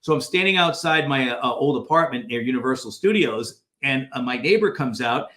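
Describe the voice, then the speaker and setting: A man's voice: medium pitch, lively intonation, normal speed, pushed and bright, echoey room. A man, a guest author, telling stories animatedly in a podcast interview and acting out quoted dialogue in changing voices.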